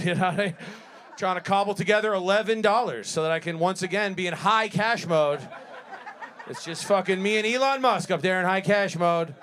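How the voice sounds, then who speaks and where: A man's voice: high voice, fairly quick, fairly bright tone, clear, resonant tone. A man in his thirties doing a rambling, self-deprecating stand-up set on a live stage, often laughing at his own jokes. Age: 30s. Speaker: stand-up comedian.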